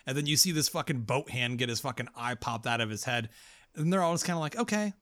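Swearing podcast dude rambling about a movie, middle pitch, dry close mic. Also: male voice, quick pace, no echo. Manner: profane, rambling, animated. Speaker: podcast co-host. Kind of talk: casual film discussion.

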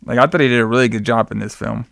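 Man, podcast host, smooth voice, dry recording, casual storytelling. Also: mid-range voice, fairly even intonation, racing, a bit bright, dry recording. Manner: loose retelling, acts out quotes in plain voice, calls cohost brother. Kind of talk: casual movie recap chat.

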